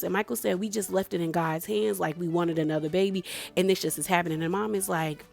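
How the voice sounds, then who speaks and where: A young woman giving a casual, animated recap of a reality show. She laughs often and acts out the lines she quotes. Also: on the low side, a little fast, vocal fry, soft background music. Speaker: reality TV reviewer.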